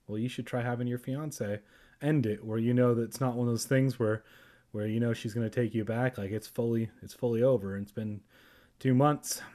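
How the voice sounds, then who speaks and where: A man's voice: mid-range voice, mellow. A young adult man reading a children's book aloud on a podcast, breaking off for jokey, self-deprecating asides.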